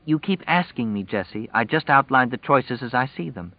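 A man voicing a sharp-tongued young pregnant woman, cool and sarcastic in her replies. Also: mid-range voice, animated, moderate pace, no echo, highs cut off, pitched above the performer's own voice, natural voice.

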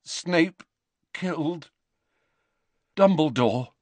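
A man's voice: a little high, expressive, extremely slow, darkish tone, dry recording, voice pushed up, heavily acted. A man voicing a shaken teenage boy wizard who speaks in tense, clipped replies, in a storybook reading.

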